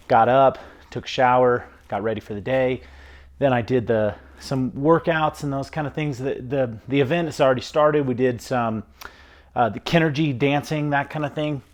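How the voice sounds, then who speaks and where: A man talking earnestly and enthusiastically in a casual video diary at home. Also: medium pitch. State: out of breath. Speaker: vlogger.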